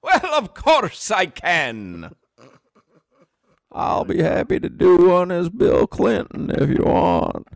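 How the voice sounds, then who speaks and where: A man doing a slow, booming politician impression. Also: lively intonation, creaky, darkish tone, no room sound, exaggerated voice. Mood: mock-solemn.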